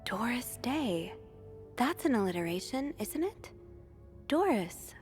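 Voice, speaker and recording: A woman voicing a young woman in a story game, speaking softly and teasingly, at times close to a whisper, as faint, distant game audio. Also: on the high side, big pitch swings, slow pace, soft background music.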